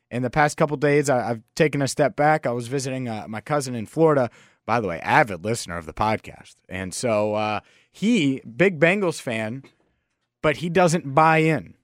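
A man's voice: a little high, dry recording, clean studio sound. Rambling young man hosting a podcast. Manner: rambling, with frequent restarts and fillers. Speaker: podcast host. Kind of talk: casual solo podcast talk.

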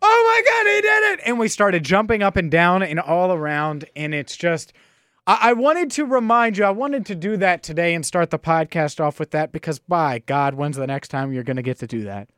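A man hosting a solo sports podcast, telling stories in an animated, nostalgic, rambling way on a close microphone. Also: on the high side, normal speed, clear, resonant tone, dry recording. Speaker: podcast host.

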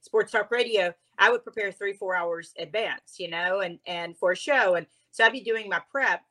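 In an interview, a female guest shares a personal story with heartfelt animation, sometimes close to tears. She speaks at a medium pitch and a moderate pace.

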